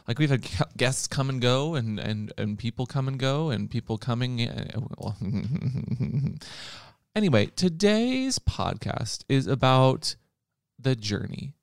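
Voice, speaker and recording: A man's voice: mid-range voice, clear, resonant tone, no echo, clean studio sound. A man hosting a podcast in casual chat, playful and teasing, rambling with restarts. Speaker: podcast host.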